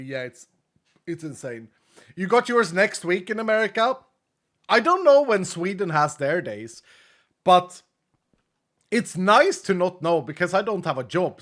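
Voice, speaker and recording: Reading donations aloud on his livestream, a man chats in a low-key manner, thanking viewers one by one. His voice is a bit bright but held back and subdued, since an injured rib stops him from pushing it.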